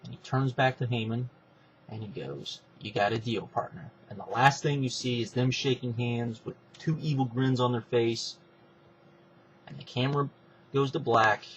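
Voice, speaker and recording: A man's voice: medium pitch, normal speed, dull audio, a little hiss or hum. Man casually retelling a wrestling storyline. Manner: animated retelling, acting out each character. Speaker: wrestling fan pitching a storyline.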